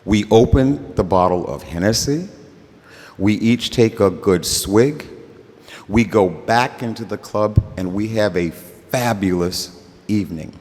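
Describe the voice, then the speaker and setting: An older man telling a story live on stage, relaxed and conversational, acting out the voices of the people in it. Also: on the low side, measured pace. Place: festival workshop stage. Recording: reverberant stage sound.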